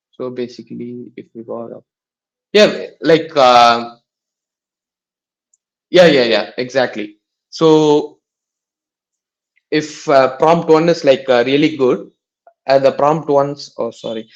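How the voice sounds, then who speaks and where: Halting man explaining over a muffled call. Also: medium pitch. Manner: halting, filler-heavy explanation with restarts. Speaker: paper reading session presenter. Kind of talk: explaining a research paper in a live online session.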